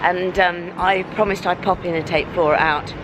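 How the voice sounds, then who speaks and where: A woman, a vlogger and radio host, chatting eagerly with quick reactions in a casual vlog. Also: lowish voice, fairly even intonation, background noise.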